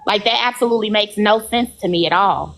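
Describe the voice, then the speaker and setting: A woman's voice: medium pitch, quick pace, vocal fry, a bit bright, slight background noise. A woman guest on a livestream in casual chat, rambling and indignant.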